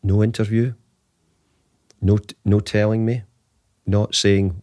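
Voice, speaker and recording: A man in his fifties with a very low voice, recalling his career as a football manager in a halting, repetitive way. The recording is dry and close, with almost no room sound. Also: little pitch movement, mellow, no echo. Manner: halting, often repeats words and restarts. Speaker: football manager, interview guest. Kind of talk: conversational storytelling.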